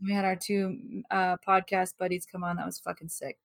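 A woman's voice: fairly low pitch, level tone, moderate pace, vocal fry, dry recording, clean studio sound. A woman from Arizona co-hosting a casual podcast, rambling and swearing constantly. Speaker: podcast co-host. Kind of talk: casual chat.

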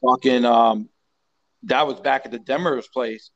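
A man in his forties, a strength coach being interviewed, telling loose, profane stories in a rambling, animated way. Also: mid-range voice, measured pace, muffled recording. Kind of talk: casual storytelling interview.

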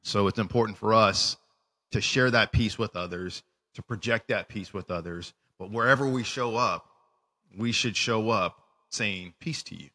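A man co-hosting a casual faith podcast, animated and lively, who stumbles and restarts his words. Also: fairly low pitch, normal speed, big-room sound. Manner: animated, acts out voices in retellings, restarts words. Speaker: podcast co-host. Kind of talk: casual faith discussion with scripture reading.

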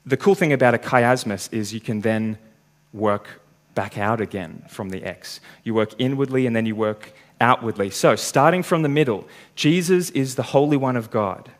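A man's voice: medium pitch, moderate pace. A man preaching a sermon, working through a passage step by step and reading the scripture aloud.

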